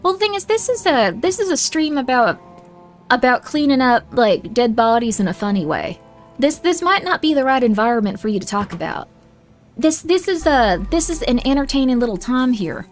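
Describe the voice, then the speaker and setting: A woman's voice: sits high, very animated, moderate pace, soft background music. A young woman streaming a game, giving viewers motherly advice in a put-on southern drawl and calling them honey. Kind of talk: casual livestream chat.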